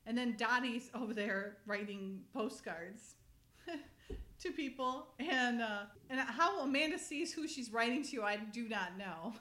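Animated woman recapping with laughs, echoey. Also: fairly high pitch, a little slow. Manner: animated retelling with quoted character voices and laughter. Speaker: co-host recapping a TV episode. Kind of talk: casual chat.

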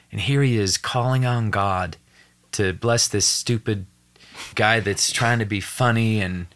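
An earnest young man tells a personal story on a podcast, his voice sitting a little low. He acts out the other people's lines as he goes, and he tells it with real emotional weight. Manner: earnest, animated retelling with acted quotes. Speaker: podcast guest.

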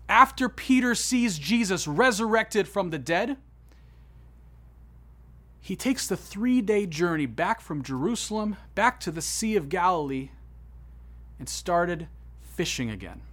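A man delivers a sermon as a storytelling preacher. His voice sits a little on the high side. He sinks into quiet, solemn stretches, then lifts into eager, excited passages. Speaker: pastor.

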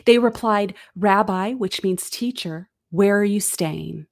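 A woman's voice: medium pitch, takes it slowly, creaky, no room sound, clean studio sound. A middle-aged woman giving a conversational, earnest Bible teaching with casual asides.

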